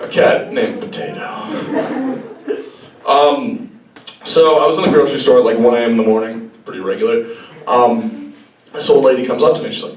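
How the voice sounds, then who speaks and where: A man's voice: normal speed, long pauses, slight background noise. Young man doing stand-up in a roomy hall. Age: young adult. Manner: deadpan storytelling with sudden high-pitched character voices. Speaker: student stand-up comedian. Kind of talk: stand-up comedy set. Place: campus hall before a live audience. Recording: roomy live hall, distant mic, audience laughter. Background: audience laughing.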